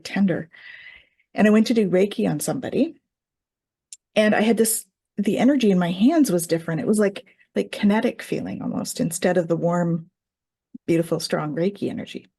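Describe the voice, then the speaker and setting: A woman's voice: lowish voice, vocal fry, dark tone, husky. A woman who teaches Reiki tells a personal story in casual chat, acting out quoted voices and laughing often.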